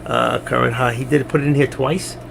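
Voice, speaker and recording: A man's voice: mid-range voice, level tone, brisk, gravelly, a bit bright, a little hiss or hum. A man hosting a live trading stream, chatting casually and rambling while he talks viewers through charts and answers their messages. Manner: chatty, rambling, addresses chat viewers directly.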